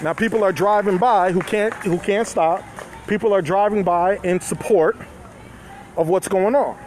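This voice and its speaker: Out by a street at a protest, a man with a high, slightly mellow voice talks to his viewers at a normal speed through a handheld phone, chuckling in a loose, conversational way. Some chatter sits behind him along with faint street noise and passing cars.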